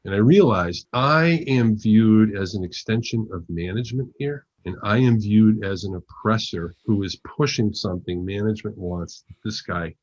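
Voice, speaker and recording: A man telling stories in a podcast interview, acting out the dialogue with lively shifts of voice. His voice sits a little low. The audio is dull and lo-fi. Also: moderate pace, hardly any pauses. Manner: animated storyteller who acts out dialogue. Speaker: guest, agile coach.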